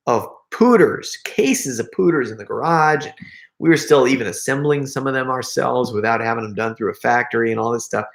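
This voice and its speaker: A man's voice: medium pitch, fairly bright tone, echoey room. Chatty middle-aged man rambling on a livestream. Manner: rambling, chatty, addresses viewers directly. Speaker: YouTube prankster and channel host. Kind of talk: casual livestream Q&A chat.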